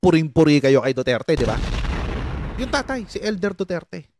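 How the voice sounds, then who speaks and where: High-voiced ranting Filipino man. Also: very animated, normal speed, noisy background. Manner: sarcastic, ranting, mimics others. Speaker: political commentator. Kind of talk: mocking commentary mixing Tagalog and English.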